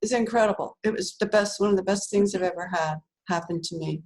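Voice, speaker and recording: A woman's voice: mid-range voice, fast talker, a little mellow, low-quality recording. An older woman, a guest author, telling a story in a chatty way, laughing often and using many fillers. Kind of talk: animated storytelling.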